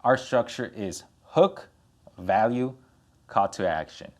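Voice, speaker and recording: A young man giving a direct-to-camera tutorial as a content coach, energetic and animated, gesturing with his hands and playing with his tone for emphasis. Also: fairly low pitch, slow.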